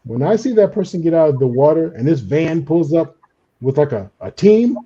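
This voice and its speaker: Man with a husky, dark voice. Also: fairly high pitch, normal speed, muffled recording. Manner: animated, acts out quoted inner voices. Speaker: panelist on a trauma and healing talk. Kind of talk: conversational explanation.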